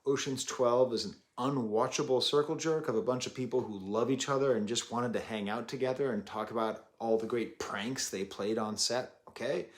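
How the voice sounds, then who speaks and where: A man's voice: medium pitch, normal speed, few pauses. A man in his thirties reviewing an album, rambling and self-deprecating with jokey asides. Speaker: music reviewer. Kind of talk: casual chat.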